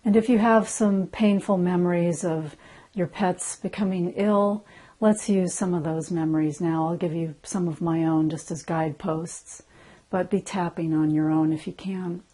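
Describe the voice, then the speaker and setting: Soft-spoken woman guiding a tapping session. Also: on the low side, steady tone. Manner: gentle, slow and soothing, often soft and hushed. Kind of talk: guided EFT tapping session.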